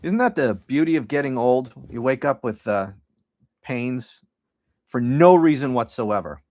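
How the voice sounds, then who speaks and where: A middle-aged man hosting a casual solo livestream. He rambles and swears, and his tone is sardonic. His voice sits at an ordinary pitch and is recorded dry and close. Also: lively intonation, unhurried, a little mellow, no room sound. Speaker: podcast host.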